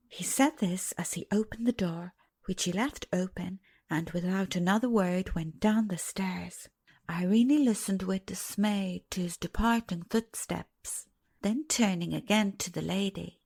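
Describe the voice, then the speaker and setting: A woman narrating a storybook audiobook in an expressive way, dropping softly on the speech tags. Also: mid-range voice, unhurried, gravelly, slightly rough.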